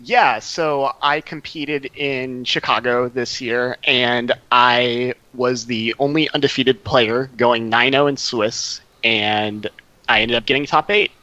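A man joins a podcast as a guest and chats in a relaxed, easy way. His voice is bright, and the recording is dry and slightly dull, like a modest lo-fi mic. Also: medium pitch, takes it slowly, no room sound. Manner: relaxed, laughs often. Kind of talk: casual podcast chat.

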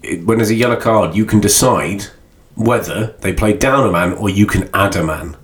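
A man co-hosting a casual football podcast, telling stories in an animated way and swearing freely. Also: lowish voice, moderate pace. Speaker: podcast co-host.

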